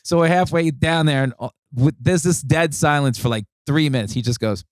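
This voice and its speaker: A man's voice: fairly high pitch, brisk, no echo, clean studio sound. A man, a comedian guest on a podcast, telling a long anecdote in casual chat and acting out the people in it. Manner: animated anecdote teller with quoted voices. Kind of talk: casual storytelling.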